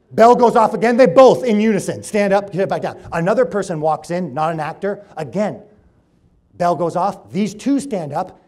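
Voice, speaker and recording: A man with a slightly raised pitch addresses a seminar audience as a chiropractor. He tells his stories with animated energy and acts out the characters. His volume climbs to emphatic peaks and drops to quiet, drawn-out points. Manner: animated storytelling, acting out quoted people, swinging between loud and hushed. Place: room with an audience.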